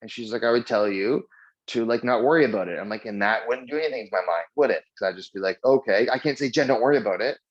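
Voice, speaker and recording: A mindfulness trainer leads a casual lesson in a mid-range male voice, talking quickly over dull-sounding audio. He tells stories in a chatty way, packed with fillers, and acts out the dialogue with lively voices.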